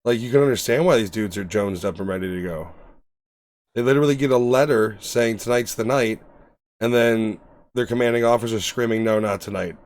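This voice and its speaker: A man's voice: medium pitch, fairly quick, a little mellow. A man co-hosting a casual watch-along chat, rambling and hedging with fillers as he thinks aloud. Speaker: co-host reacting to a war series.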